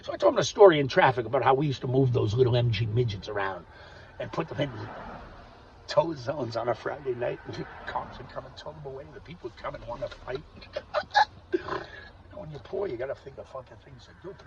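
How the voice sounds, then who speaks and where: A man delivering a rambling, profane monologue rant, volatile and swinging between loud outbursts and muttering. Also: mid-range voice, animated, a little fast. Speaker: vlogger. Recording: distant dull recording with faint noise.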